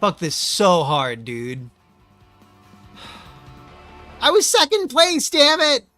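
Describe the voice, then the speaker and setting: A man's voice: sits high, huge pitch swings, extremely slow, soft background music. Swearing, exasperated man streaming a racing game. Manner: profane, exasperated ranting with sudden yelled outbursts. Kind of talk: live gameplay commentary.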